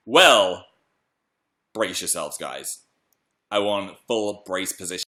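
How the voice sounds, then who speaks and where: Excitable British man, bright voice. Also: sits low, a little slow. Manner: excitable, chatty, reads viewer messages aloud. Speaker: live streamer. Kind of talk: casual live stream chat.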